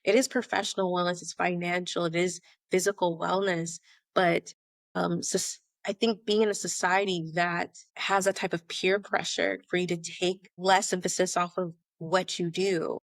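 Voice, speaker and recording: A woman's voice: lowish voice, normal speed, vocal fry, no room sound. A woman in her late thirties from Atlanta, a podcast guest telling stories in a casual interview and acting out the voices of people she quotes. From Atlanta, United States. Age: late 30s. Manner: animated storyteller who acts out quoted dialogue. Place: abroad in Spain.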